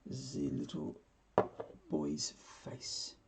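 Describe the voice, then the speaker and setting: A man in his forties hosting a live painting stream, chatting casually and rambling with chuckles, often trailing off into quiet mumbles. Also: a little high, level tone, very slow, vocal fry. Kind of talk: casual chat while painting.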